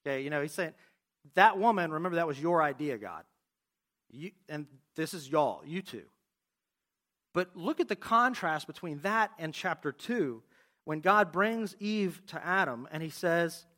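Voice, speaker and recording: Man, pastor, expressive sermon, scripture reading, fairly high voice. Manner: expressive preaching, reads scripture aloud, asks the congregation questions.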